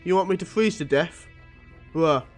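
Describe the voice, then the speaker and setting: A man reading a comic aloud, voicing a gruff, hairy young male brawler who grumbles and snaps. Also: fairly high pitch, normal speed, soft background music, lightly acted. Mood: grumbling. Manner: grumbling, testy.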